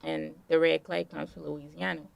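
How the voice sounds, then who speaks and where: Low, gravelly woman storyteller. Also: moderate pace, dry recording. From Detroit. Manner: relaxed storytelling with fillers. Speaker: guest artist. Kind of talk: casual interview conversation.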